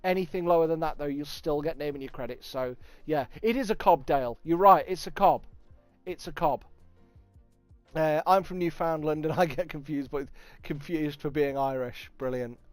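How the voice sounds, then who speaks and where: A man with a Nottingham accent chats away on his livestream, swearing freely and getting excited as he thanks viewers. His voice sits a little high and sounds smooth and crisp, recorded close and dry. Faint music plays underneath. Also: moderate pace, no room sound. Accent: Nottingham English. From England. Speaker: livestream host. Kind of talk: casual livestream chat reading viewer comments.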